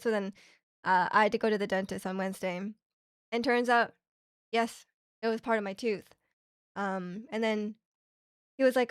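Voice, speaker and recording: A woman's voice: mid-range voice, fairly quick, smooth, dry recording, clean studio sound. A young woman streaming from Canada, telling a rambling, chatty story full of fillers and restarts. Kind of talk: casual chat. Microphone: streaming microphone.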